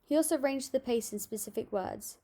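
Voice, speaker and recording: A young woman reading out a school assignment on voice techniques, steady and a little halting, with small restarts. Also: on the high side. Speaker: student presenting an assignment. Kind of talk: read-aloud school presentation.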